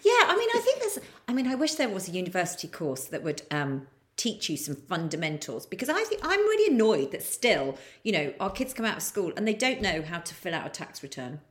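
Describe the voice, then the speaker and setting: A middle-aged woman co-hosts a casual podcast chat. Her voice rises and falls a great deal, and she talks in a lively, teasing way. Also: lowish voice, fairly quick. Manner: lively, teasing, laughs often. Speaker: podcast co-host, writer.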